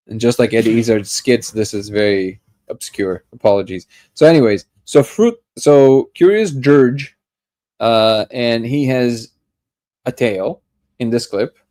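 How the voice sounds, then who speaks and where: A man's voice: lowish voice, darkish tone. A man hosting a daily live discussion, thinking aloud as he reacts to a video clip, often restarting and tripping over his words. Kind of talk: casual live commentary while watching a clip.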